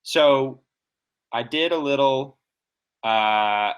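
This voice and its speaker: A man's voice: mid-range voice, extremely slow, clean tone. A man co-hosting a podcast in a casual discussion, explaining things in an enthusiastic, nerdy, analytical way. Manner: enthusiastic, nerdy, analytical, talks through examples. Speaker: podcast co-host.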